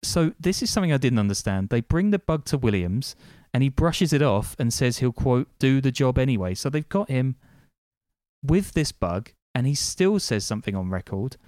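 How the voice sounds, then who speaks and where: A man's voice: mid-range voice, big pitch swings, normal speed, a little mellow, no room sound. A man hosting a podcast, recounting events from notes in a casual, wry way with dry asides and frequent ums. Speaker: podcast host.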